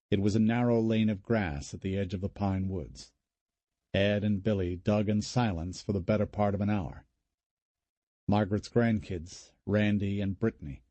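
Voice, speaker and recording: A man narrating a horror audiobook in a measured, even storytelling manner. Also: lowish voice, no room sound. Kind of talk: scripted narration.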